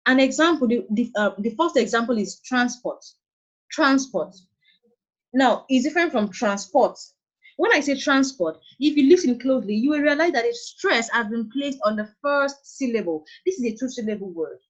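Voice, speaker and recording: A woman's voice: fairly high pitch, animated, fairly quick, few pauses. A woman with a Nigerian accent teaching an online English lesson, patient and repeating her points. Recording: dull lo-fi online class audio.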